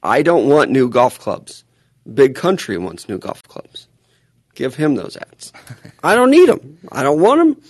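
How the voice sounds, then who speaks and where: A man's voice: medium pitch, huge pitch swings, unhurried, husky, no room sound. A man co-hosting a casual sports podcast, teasing his partner and laughing often. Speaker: podcast co-host.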